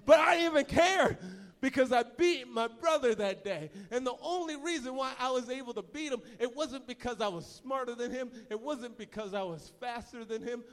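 A young man telling a dramatic, animated story in a sermon to a large audience in a church hall. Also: very high voice, moderate pace, hardly any pauses. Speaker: preacher. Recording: long hall reverb.

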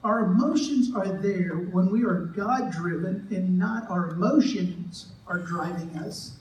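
A man's voice: high-pitched, unhurried, a little mellow, distant mic, slight background noise. A man preaching as a pastor, in a joking, conversational way, acting out the voices of the people he quotes. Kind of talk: sermon. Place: church sanctuary. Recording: echoey church hall, mic from afar.

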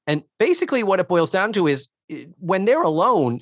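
Male podcast co-host, lively delivery, dry close sound, recaps and acts out scenes. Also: on the high side, moderate pace, hardly any pauses, no echo. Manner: animated, acts out characters' lines in put-on voices. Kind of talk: casual chat recapping a sitcom episode.

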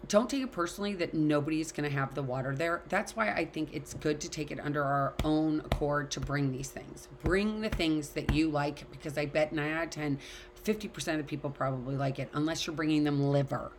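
Over a video call, a low-voiced middle-aged woman teaches an online class briskly, candidly and casually, swearing freely and speaking her mind while a faint hiss lingers beneath her.

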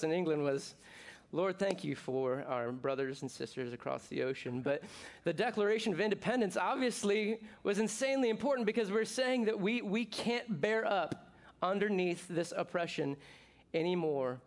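A middle-aged man from the United States preaching a sermon as pastor, talking in a conversational, jokey way with bursts of excitement. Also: high-pitched, moderate pace, few pauses.

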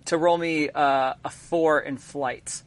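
A man running a tabletop game as game master, narrating the scene in a halting way full of ums and uhs. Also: a little high, steady tone.

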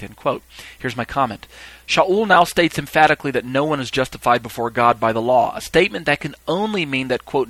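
A man reads scripture and his own commentary aloud for a podcast Bible teaching, using fillers as he hunts through his notes and growing emphatic as he explains. His voice is mid-range and a bit bright, on a dry but low-quality recording.

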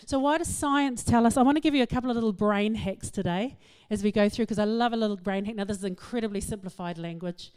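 Kiwi woman doing a funny talk, animated storyteller, pokes fun at herself. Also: mid-range voice, quick pace, hardly any pauses, smooth. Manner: storytelling, animated, self-mocking. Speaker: speaker. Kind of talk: humorous talk to an audience.

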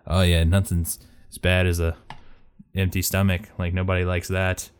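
Brief: rambling, jokey host of a game podcast, lowish smooth voice. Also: male voice, completely flat delivery, moderate pace. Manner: joking, rambling, loose. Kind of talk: casual chat.

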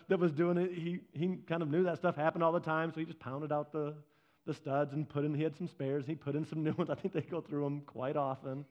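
A male pastor delivering a conversational sermon, telling stories and swinging from loud to hushed. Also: a little high, fairly quick. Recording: dull lo-fi sound.

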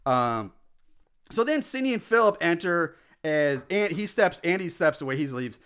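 High, bright-voiced man recapping a film. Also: moderate pace, clear, resonant tone. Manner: rambling, animated retelling with quoted asides. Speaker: podcast co-host recapping a film. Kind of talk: casual chat.

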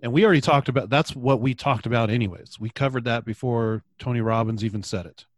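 An earnest man in a relaxed conversation, pressing his points with emphasis. His voice sits close and dry on the mic, with no room sound around it. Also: medium pitch, quick pace, no echo. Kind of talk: casual chat, reading a quoted passage aloud.

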